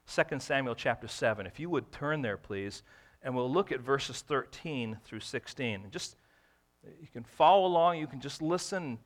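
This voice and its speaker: A pastor preaches a sermon, working through scripture verse by verse and stretching out key phrases for emphasis. His medium-pitched voice is animated, and he speaks at a normal speed.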